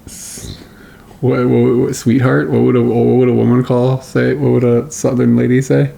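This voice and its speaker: A man chatting casually on a livestream while watching old footage, thinking aloud in halting, repeated phrases. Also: medium pitch, little pitch movement, creaky, dark tone.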